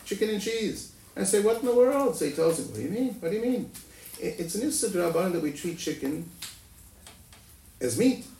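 A man teaching Talmud in a lively sing-song, leaping up in pitch and tossing out rhetorical questions. His voice has a gravelly edge. He sits away from the mic in an echoey room, with faint noise underneath. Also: distant mic. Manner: rhetorical questions, often ending with "no?"; sing-song, animated delivery with sudden jumps in pitch. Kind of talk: animated Talmud lecture.

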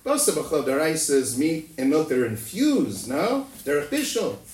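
A man giving an animated Talmud lecture, asking rhetorical questions and tagging many lines with "no?" in a sing-song manner. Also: normal speed. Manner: rhetorical questions, often ending with "no?"; sing-song, animated delivery with sudden jumps in pitch. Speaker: Talmud teacher. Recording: echoey room, recorded from a distance, faint noise.

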